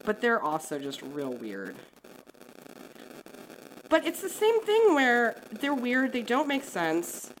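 A woman's voice: fairly high pitch, slow, long pauses, slight background noise. A woman guest on a podcast, chatting casually, laughing often and making fun of herself. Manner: laughs often, animated and self-deprecating. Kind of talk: casual interview chat.

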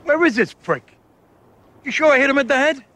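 A man's voice: very high voice, expressive, fairly quick, pushed and bright, exaggerated voice. An actor playing a tense, cursing mobster searching the woods for a man, in a clip played from a TV series. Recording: distant clip audio.

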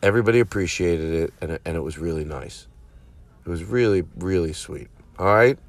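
A comedian hosting his own show rambles through a profane, self-mocking comedic monologue full of asides. His voice sits low, and he speaks briskly.

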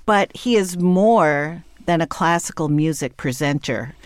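A woman hosting a podcast interview, chatty and quick with asides, laughing easily. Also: low voice, lively intonation, clear, resonant tone, no room sound. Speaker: podcast host. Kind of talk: conversational interview.

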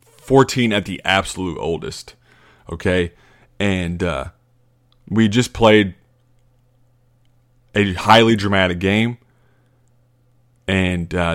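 A man's voice: deep voice, measured pace, long pauses, a bit bright. A young adult man hosting a podcast, telling a story in a rambling, casual way with lots of fillers, restarts and laughs. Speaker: podcast host.

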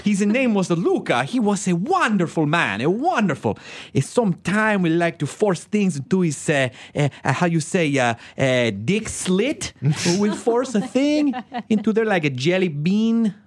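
A man putting on an exaggerated Italian accent with a slow, drawn-out delivery. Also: high-pitched, very animated, voice pushed up, heavily acted. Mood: mocking. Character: man with a thick fake Italian accent, crude.

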